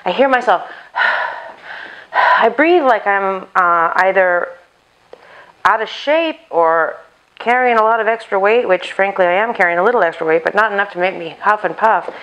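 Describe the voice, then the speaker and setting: Speaking at normal speed in a mid-range, fairly bright voice, a cooking channel host chats casually through a lapel mic on her chest, though the highs are cut off. She rambles and mutters to herself as she works in her home kitchen.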